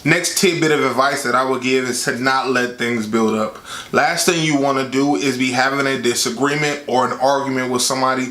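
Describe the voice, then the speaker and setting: A man gives relationship advice in a casual, candid way, talking straight to his viewers. His voice is bright and clear. The room around him sounds echoey. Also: medium pitch, a little fast. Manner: candid, conversational, quotes with animated voice. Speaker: vlogger giving relationship advice.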